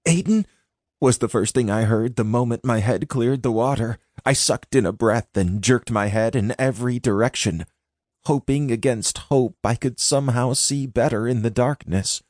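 A man's voice: mid-range voice, steady tone, moderate pace, darkish tone, no echo, clean studio sound. A man narrating a first-person audiobook in a dramatic, intense reading.

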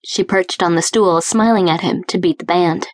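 A woman narrates a romance audiobook in a smooth, even storytelling voice. Her pitch sits on the low side, and the recording is dry and close, with no room sound. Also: moderate pace, dry recording. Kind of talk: scripted narration. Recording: dry close studio read.

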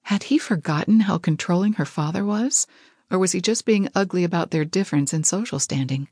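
A woman narrating a romance audiobook in a measured storytelling manner, on a close studio mic. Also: lowish voice, warm tone, dry recording.

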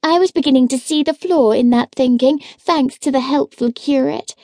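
A woman narrating a historical novel in first person, with a lively storytelling manner at a close microphone. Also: high-pitched, moderate pace, dry recording. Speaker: audiobook narrator.

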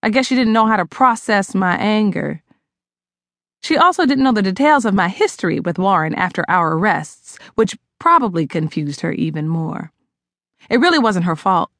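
A woman narrates a first-person novel with dramatic, expressive delivery. Her pitch moves a lot, sitting mid-range for a woman. The close studio mic gives a dry, intimate sound. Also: normal speed, no room sound. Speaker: audiobook narrator.

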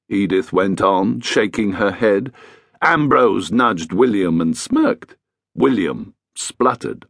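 Male narrator, children's audiobook, very lively pitch, dry studio sound. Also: measured pace, dry recording. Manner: animated, expressive reading.

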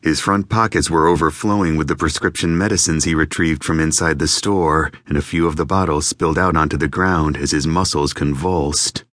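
Deep-voiced guy reading an audiobook, measured, dry close mic. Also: no room sound. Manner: even, measured storytelling. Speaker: audiobook narrator. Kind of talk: scripted narration.

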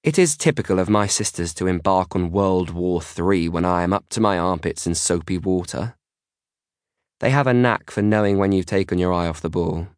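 A man narrating a children's audiobook in a steady storytelling reading, recorded close on a studio microphone. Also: low-pitched, normal speed, smooth, no room sound. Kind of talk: scripted narration.

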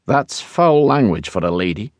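A gruff young Highland warrior with a Scottish accent, blunt and proud, as a male narrator plays him. He speaks low, terse and clipped in an audiobook romance. The voice sits close and dry. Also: sing-song, normal speed, dry recording.

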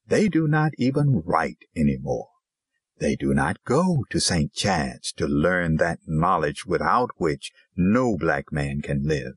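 Man playing a proud old pastor, harsh and grave, deep voice, swings up and down, slow. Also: huge pitch swings, husky, dry recording, full character voice. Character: troubled older Zulu village pastor, proud. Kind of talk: audiobook character reading.

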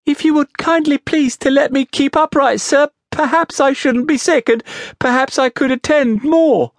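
A frightened small boy pleads in a thin, trembling, high voice. He sounds timid and helpless throughout, every word a nervous plea. The reading is close and dry. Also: very animated, moderate pace, no echo. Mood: frightened pleading.

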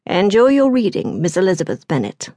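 A woman reading an audiobook, voicing a haughty, aristocratic young gentleman with a low, dry, sarcastic tone. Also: big pitch swings, brisk, dry recording. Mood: cool, sardonic.

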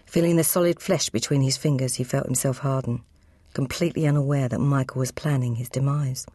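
A woman reading an audiobook crime novel aloud, brisk and matter-of-fact. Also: rumbling low, fairly even intonation, warm tone, slightly rough, dry recording, studio quality. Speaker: audiobook narrator. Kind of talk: scripted narration.

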